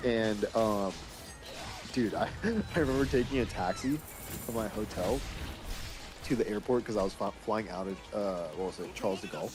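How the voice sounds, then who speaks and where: Rambling, low-voiced man telling stories. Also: normal speed, music in the background. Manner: rambling storyteller, swears freely, lots of filler words. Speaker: live streamer. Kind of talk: casual chat.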